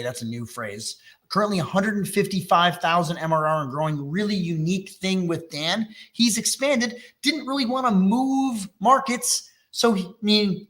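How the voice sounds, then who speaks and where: A man from Texas hosting a live sales webinar, pitching a coaching program with fast, enthusiastic delivery. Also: a bit bright. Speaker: sales trainer and host.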